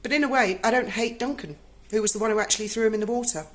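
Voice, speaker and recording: A woman's voice: fairly high pitch, very fast. A woman, telling a personal story in casual speech, emotional and blunt and swearing freely.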